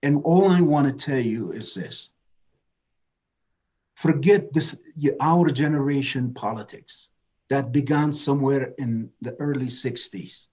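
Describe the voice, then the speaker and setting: A man's voice: medium pitch, measured pace, a little mellow. A man moderating a webinar, giving passionate opening remarks that rise to emphatic declarations.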